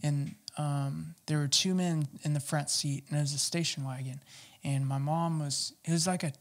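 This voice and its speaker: Another telling of personal testimony comes from a man interviewed as a guest. He speaks in a steady tone that sits on the high side, stumbling through fillers and restarting often.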